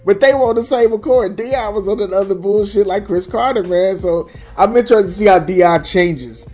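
A man's voice: high voice, moderate pace, a little mellow, soft background music. A young adult man co-hosting a casual sports chat, talking bluntly and profanely with a dismissive edge. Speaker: podcast co-host.

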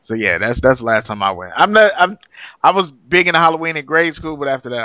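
A man's voice: fairly high pitch, quick pace, clean tone, no room sound. A man from Missouri, a podcast co-host, telling profane stories in a casual chat. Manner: animated profane storytelling.

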